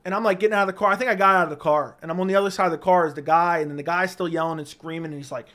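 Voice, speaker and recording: A man hosting a casual livestream, telling profane, animated stories and answering chat questions into a studio mic. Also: on the high side, rapid-fire. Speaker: livestream host. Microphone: studio dynamic mic.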